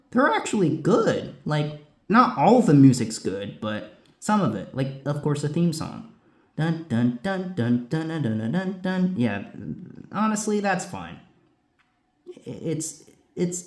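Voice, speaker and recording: Casual male host, animated and a bit high, rambling answers, roomy sound. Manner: lively, rambling, many asides. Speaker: channel host answering viewer questions. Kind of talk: casual chat. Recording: roomy echo.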